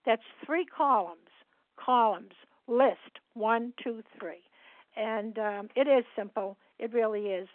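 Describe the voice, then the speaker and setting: Woman leading a meeting over the phone, kinda high, keeps repeating herself to explain, dry tinny line. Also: slow pace, no echo. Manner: chatty, explains step by step with repetition. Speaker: meeting leader and sponsor. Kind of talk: sharing at a recovery phone meeting.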